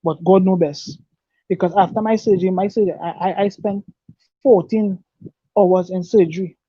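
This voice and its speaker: A man giving an earnest, halting personal testimony, repeating and restarting his words. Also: sits high, fairly even intonation, mellow, breathy edge, no echo. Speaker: guest telling his life story. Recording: dull dry lo-fi recording.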